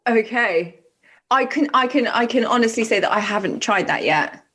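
A woman's voice: fairly high pitch, lively intonation, normal speed, a bit bright, breathy edge. A woman co-hosting a podcast, teasing and giggly in casual banter. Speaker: podcast co-host.

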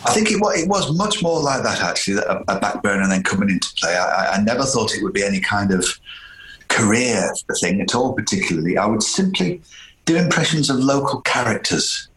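A man's voice: on the low side, animated, fairly quick, a bit bright, echoey room, rough recording. A man in his fifties from northern England, a voice impressionist telling stories in a casual interview. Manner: chatty, anecdotal, hesitant restarts. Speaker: impressionist guest.

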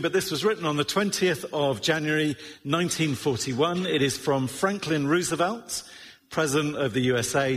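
Husky preacher in a reverberant hall. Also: male voice, on the high side, a bit bright. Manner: conversational, with wry asides and many fillers. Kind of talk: sermon. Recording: long reverb of a large hall.

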